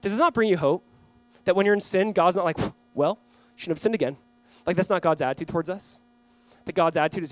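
A man preaching a sermon as pastor, impassioned, swinging from loud cries to hushed low lines, acting out quoted voices in a casual way. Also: very fast. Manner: impassioned, voice rising and dropping sharply.

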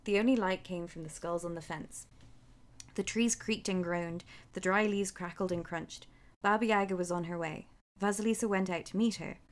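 Woman storyteller with a lower voice, relaxed and chatty between passages. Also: moderate pace. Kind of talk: reading a folk tale aloud with chat.

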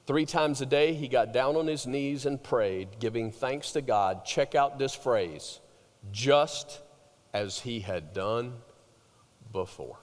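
A man preaching a sermon, telling the story with animated swings between loud emphasis and hushed, drawn-out words. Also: mid-range voice, long reverb tail. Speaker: pastor.

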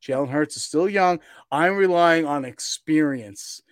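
A man in casual sports chat, pushing his argument hard and tripping over restarts. His voice sits a bit high. The sound is dry and close. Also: unhurried, no echo. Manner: excitable, argumentative, stammering restarts. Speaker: podcast co-host.

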